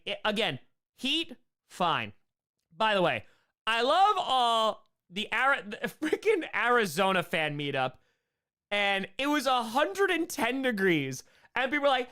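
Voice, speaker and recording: A young man hosting a loose live-stream Q&A, joking and rambling between chat questions. His voice sits a little high and comes through smooth and clear. He talks in quick asides. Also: bright, forceful tone.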